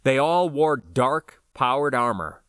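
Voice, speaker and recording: A man narrating a science fiction audiobook in the first person, with an expressive storytelling delivery. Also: medium pitch, slow pace, smooth, no echo, clean studio sound.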